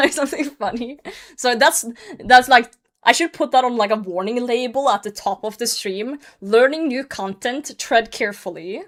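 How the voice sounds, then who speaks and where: A woman streams a game and chats casually with her viewers, teasing them, laughing often and swearing freely. Her voice is on the high side and a bit bright.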